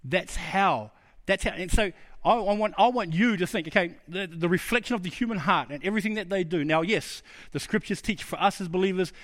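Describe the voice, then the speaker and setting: A man's voice: high-pitched, a little fast, fairly bright tone. A male pastor preaching a sermon, emphatic and fond of repeating key words. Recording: long hall reverb.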